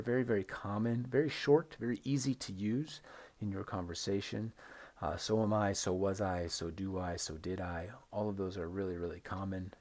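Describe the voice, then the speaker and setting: A man teaching an English lesson on video, modeling intonation slowly and emphatically and checking in with "right?" between examples. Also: low voice, darkish tone. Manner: repeats words for stress, frequent "right?" checks. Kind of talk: recorded online lesson.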